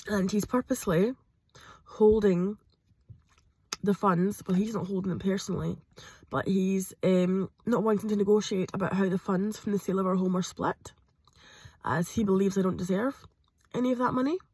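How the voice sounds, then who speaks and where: A woman talking hesitantly to camera from a parked car, pausing often with ums. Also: medium pitch, fairly even intonation, darkish tone, breathy edge, no room sound. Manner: hesitant, with frequent ums and pauses. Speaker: vlogger. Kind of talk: personal confessional vlog.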